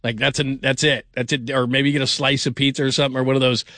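A man's voice: mid-range voice, level tone, fast, a bit bright, no room sound. A middle-aged man hosting a late-night sports call-in radio show, rambling casually with frequent laughs and restarts.

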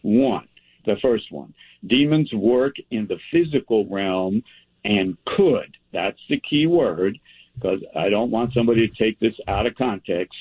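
Man as slow, low-voiced pastor teaching a men's Bible study over a tinny line. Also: breathy edge. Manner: unhurried, reads scripture aloud with verse citations, asks and answers his own questions. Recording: tinny phone-like sound.

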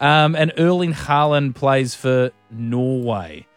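A man hosting a radio quiz, teasing his co-host and reading questions briskly. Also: medium pitch, no room sound, faint music behind.

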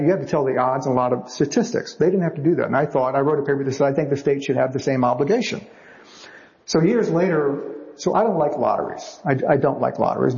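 Novelist guest, man, gravelly, animated storyteller, slightly dull audio. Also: medium pitch. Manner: animated anecdotes, acts out other people's lines. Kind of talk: storytelling interview answers. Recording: slightly muffled recording.

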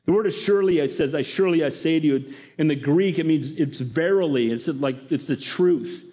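A pastor preaches a lively sermon, speaking directly to the congregation and posing questions to them. His voice is fairly high-pitched and brisk.

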